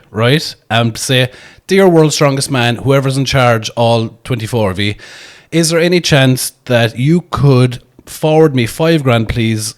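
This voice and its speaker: Jokey Irish man hosting a casual chat. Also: medium pitch. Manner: jokey, teasing, laughs often. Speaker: podcast host.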